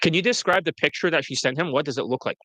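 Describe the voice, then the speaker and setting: A man's voice: fairly high pitch, quick pace, bright, forceful tone, no echo. A man, a dating coach, telling stories to an interviewer in a blunt, profane, rambling way. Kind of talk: casual storytelling to an interviewer.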